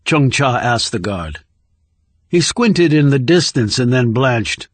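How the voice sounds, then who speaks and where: A man narrating a thriller audiobook in a measured, steady storytelling voice on a close studio microphone. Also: medium pitch, no room sound.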